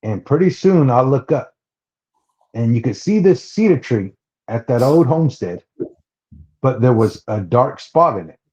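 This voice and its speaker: A man from Oklahoma telling his own story as a podcast guest, his voice warm and mellow. He talks haltingly, often restarting and repeating words. The sound is dull and a little lo-fi. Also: mid-range voice, sing-song. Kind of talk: personal storytelling.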